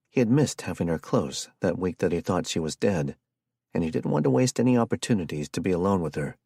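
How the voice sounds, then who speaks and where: A male audiobook narrator with a very deep, husky voice and steady delivery. The recording is dry and close, with no room sound. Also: no room sound. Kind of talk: scripted narration.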